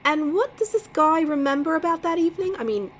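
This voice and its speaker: A woman's voice: extremely high pitch, expressive, a little fast, fairly bright tone, slight background noise, voice pushed up, low-quality recording. A woman voicing an inquisitive English woman who asks pointed questions in an English accent. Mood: probing.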